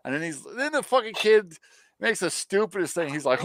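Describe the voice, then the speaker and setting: A man's voice: high-pitched, sing-song, fairly quick, dry recording. Guy ranting about a show, swears a lot, voice jumps all over. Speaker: host. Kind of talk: casual review chat.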